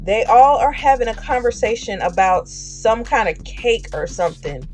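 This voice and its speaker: A woman's voice: on the high side, animated, moderate pace, darkish tone, faint music behind. A woman streamer telling a story in a chatty way, acting out the voices of the people in it with slang. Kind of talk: casual storytelling.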